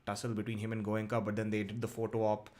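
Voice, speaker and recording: A man's voice: fairly low pitch, monotone, fast talker, a little mellow. A man co-hosting a cricket podcast, talking casually with lots of fillers and restarts. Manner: hesitant, many fillers and restarts.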